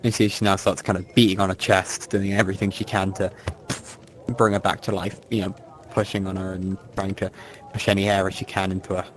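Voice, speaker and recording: Low-voiced man narrating a tabletop game. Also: flat delivery, a little fast. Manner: loose, filler-heavy narration. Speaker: game master.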